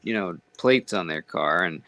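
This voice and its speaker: A man's voice: low voice, expressive, a little slow, bright, forceful tone, no echo, rough recording. A man hosting a casual comedy podcast, telling crude, rambling anecdotes and laughing often. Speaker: podcast host.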